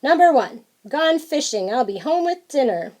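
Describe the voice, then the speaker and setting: A woman's voice: high voice, big pitch swings, normal speed, a little mellow. A woman reading a children's fishing book aloud, adding chatty, playful comments between the lines of text.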